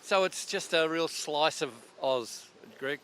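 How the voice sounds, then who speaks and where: A man's voice: fairly high pitch, slow pace, a bit bright, slight background noise. An older Australian man, a radio presenter, chatting in a rambling, storytelling way, interviewed outdoors at a racetrack. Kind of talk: casual interview chat.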